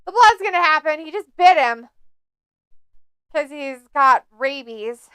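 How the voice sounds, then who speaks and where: A woman's voice: high-pitched, animated, unhurried, sharp tone, no echo. A woman casually commenting on a wrestling match during a live stream, joking and mocking the wrestlers. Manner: snarky, jokey, mocking the wrestlers. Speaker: watch-along host.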